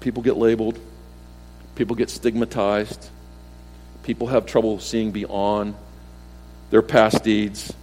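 A middle-aged pastor preaching a sermon in a conversational way, asking rhetorical questions and repeating key phrases, swinging between emphatic lines and soft, low ones. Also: male voice, flat delivery, slow pace, pauses often. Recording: long hall reverb.

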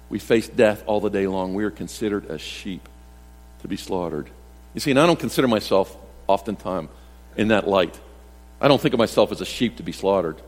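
A man preaches a sermon in a conversational way, breaking into acted-out quotes and self-deprecating asides. His voice sits a bit high for a man. The church sanctuary gives his words a long, lingering reverb. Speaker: pastor.

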